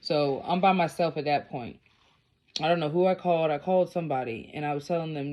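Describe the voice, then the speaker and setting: A woman's voice: deep voice, brisk, darkish tone. A woman vlogger telling a personal story in a casual, blunt, profane and rambling way.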